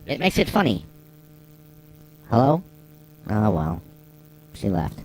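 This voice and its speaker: A man at home playing a goofy jokester through a voice-changer pitch shift, in playful, self-amused live-stream banter. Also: huge pitch swings, takes it slowly, a little mellow, a little hiss or hum, exaggerated voice, rough recording.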